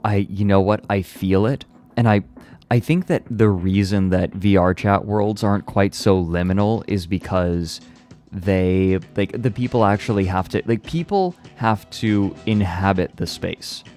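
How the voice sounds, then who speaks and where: A man's voice: lowish voice, unhurried, a little mellow, soft background music. A man streaming a game, chatting casually with hesitations and jokes. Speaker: streamer playing along. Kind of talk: casual chat.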